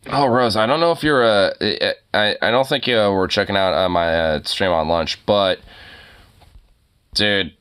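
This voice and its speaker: A man's voice: lowish voice, measured pace, long pauses, a bit bright, clean tone. A young man streaming, ranting in casual chat, swearing a lot and laughing often.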